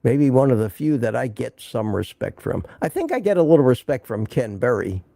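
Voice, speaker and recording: A man's voice: medium pitch, sing-song, moderate pace, creaky, dark tone, no room sound. An older man hosting a casual live stream, rambling and joking while recovering from an illness. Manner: joking, rambling, reads viewer comments aloud.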